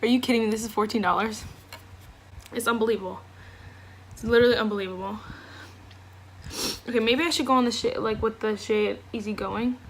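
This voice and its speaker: A woman's voice: fairly high pitch, fairly even intonation, brisk, long pauses, slight background noise. A woman beauty vlogger chatting through a makeup tutorial at home, gushing and effusive, with lots of fillers. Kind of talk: casual makeup tutorial chat.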